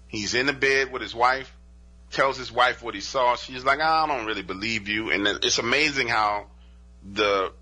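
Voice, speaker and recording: A man with a strikingly bright, forceful voice that has a husky grain to it, spinning an eerie tale as a podcast guest. He talks casually, full of "you know" and "like," and jumps into the voices of the people he quotes. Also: mid-range voice. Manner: animated, acts out witnesses' quotes in dialogue; conversational, peppered with "you know" and "like". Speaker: podcast guest telling paranormal encounter stories. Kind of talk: casual spoken storytelling.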